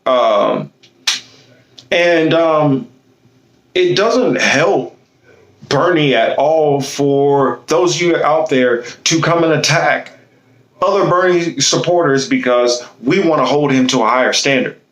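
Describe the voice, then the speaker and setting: Fiery, impassioned man, high voice. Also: slow, roomy sound, poor audio. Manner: impassioned, blunt, swearing. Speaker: political commentator. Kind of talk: fiery monologue.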